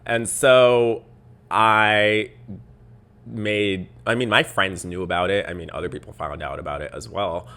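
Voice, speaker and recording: A man's voice: fairly low pitch, measured pace. A young man hosting a podcast, telling a story in a casual, exasperated rant. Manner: exasperated, animated storytelling with mocking quoted voices. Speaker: podcast host.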